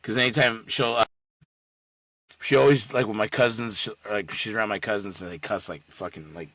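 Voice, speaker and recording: A man's voice: lowish voice, fairly even intonation, a little fast, fairly bright tone. A man co-hosting a podcast, chatting casually and swearing freely. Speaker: podcast co-host. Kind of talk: casual chat.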